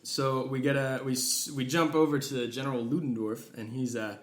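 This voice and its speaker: A man's voice: mid-range voice, fairly even intonation, normal speed. An American man co-hosting a podcast, casually recapping film scenes and quoting characters, with lots of fillers. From United States. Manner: recaps scenes with quoted voices, filler-heavy. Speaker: podcast co-host. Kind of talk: casual movie review chat. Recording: echoey room with faint noise.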